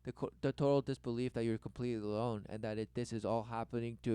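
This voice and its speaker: A man giving rambling commentary on a video, swinging from loud exclamations to low muttering and repeating words over and over. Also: fairly even intonation, fast talker, few pauses, clean tone, no echo. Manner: repetitive, breathless wordplay. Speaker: commentator reacting to a documentary.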